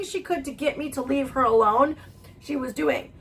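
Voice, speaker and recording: Woman YouTuber, high voice, blunt and heated, sprinkles in profanity, casual storytime delivery. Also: animated, moderate pace, poor audio. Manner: blunt and heated, heavy swearing, keeps asking "okay?". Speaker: commentary YouTuber.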